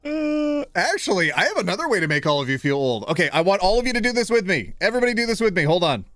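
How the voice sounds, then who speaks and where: Man, 30s, streamer, playful, self-deprecating, slightly high voice, dry sound. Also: fast talker, dry recording, faint music behind. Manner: animated, playful, self-deprecating, fumbles names. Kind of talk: live stream chat.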